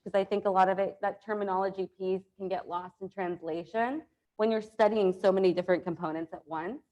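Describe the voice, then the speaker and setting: An upbeat woman leads an exam review class, her voice hoarse from allergies. She talks in a chatty, encouraging way, full of fillers, into a lapel mic in a classroom. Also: medium pitch, darkish tone. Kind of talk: classroom lecture.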